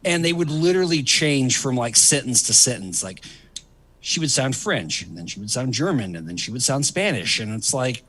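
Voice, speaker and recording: A middle-aged man hosts a casual comedy talk show. He rambles with plenty of ums and uhs and laughs easily, and his pitch swings widely from line to line. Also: big pitch swings, moderate pace, fairly bright tone, slight background noise. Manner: rambling, laughs often, many fillers. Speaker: host. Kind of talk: casual chat.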